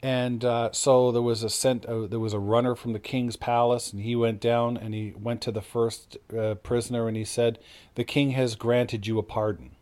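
A middle-aged man teaches from the Bible in an informal, sermon-like way. His pitch sits in the middle range. He tells his story casually, acting out the quoted lines and often stopping to restart a phrase. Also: flat delivery, normal speed, a little mellow.

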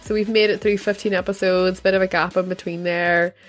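A woman's voice: fairly low pitch, little pitch movement, a little fast, soft background music. A young woman, hosting a podcast in casual chat, teasing her co-host and laughing easily.

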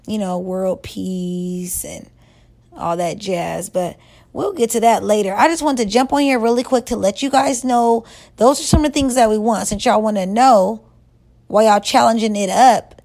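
A woman vlogger giving relationship advice in a blunt, profane, scolding rant, stretching words and jumping up in pitch for emphasis. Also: a little fast, darkish tone. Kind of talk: casual rant to camera.

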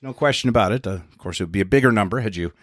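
A middle-aged man hosting a podcast, telling stories in a wry, profane, animated way. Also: lowish voice, rapid-fire, no echo, clean studio sound. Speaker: podcast host and comedian. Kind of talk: casual storytelling chat.

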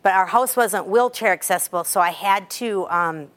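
A woman's voice: mid-range voice, normal speed, fairly bright tone. A woman in her fifties, a cheer coach, giving a chatty talk to a group of athletes and telling stories with sudden bursts of emphasis. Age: 50s.

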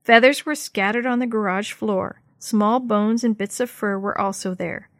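A woman narrating a children's chapter book aloud, telling it in a clear, expressive way. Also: mid-range voice, normal speed, no room sound, clean studio sound.

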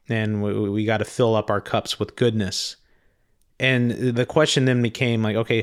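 A man telling of a spiritual experience in a slow, reflective monologue, often stopping and restarting his sentences. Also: on the low side, clear, resonant tone. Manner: halting, frequent restarts; slow, thoughtful delivery. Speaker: speaker recounting a spiritual experience.

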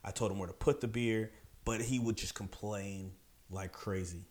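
A man telling a story in a casual, animated way, with emphatic delivery and quick voices for the people he quotes. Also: lowish voice. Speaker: podcast storyteller.

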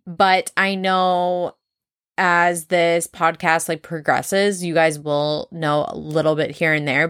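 A young woman with an East Coast American accent hosting a solo podcast, talking fast, candid and profane, rambling from one thought to the next. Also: on the low side, fairly bright tone, no room sound, clean studio sound. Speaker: podcast host.

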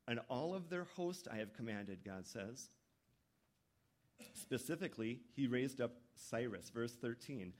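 Man preaching an animated sermon. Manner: animated preaching, voicing quoted speakers with sudden pitch jumps. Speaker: pastor.

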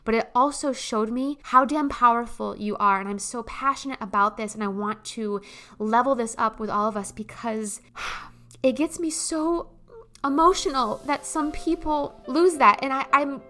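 A woman's voice: fairly high pitch, moderate pace, pushed and bright. A woman hosting a motivational podcast, talking in a gushing, emphatic way and swearing casually. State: emotional, tearing up. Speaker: podcast host.

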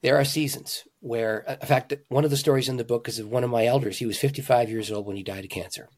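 Husky-voiced pastor telling stories. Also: male voice, mid-range voice, fast talker. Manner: animated, emphatic, jumps between loud and hushed. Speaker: pastor and author, interview guest. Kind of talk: conversational storytelling.

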